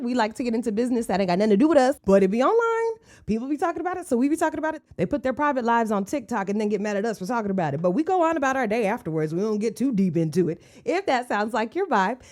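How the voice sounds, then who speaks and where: A woman's voice: on the high side, a little mellow. Sassy woman hosting a gossip channel. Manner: sassy, mocking, slangy. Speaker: commentary channel host. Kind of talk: casual commentary.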